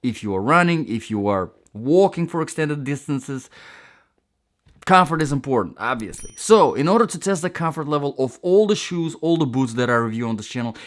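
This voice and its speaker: A man's voice: fairly high pitch, a bit bright. A man hosting a casual product review, chatty and enthusiastic, with rambling asides. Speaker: gear reviewer.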